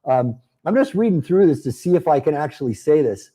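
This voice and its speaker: A man hosting a live webinar, pitching a marketing program in a chatty, upbeat way and answering viewers by name. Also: very animated, a little fast, mellow, breathy edge.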